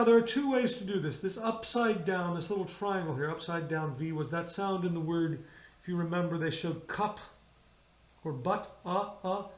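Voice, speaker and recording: A high-pitched man teaches a choir how to shape their sounds, stopping again and again to demonstrate a vowel or consonant aloud. His voice rings out in a roomy, echoey space. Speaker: choir director. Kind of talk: rehearsal teaching on singing diction. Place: indoors, remote rehearsal video.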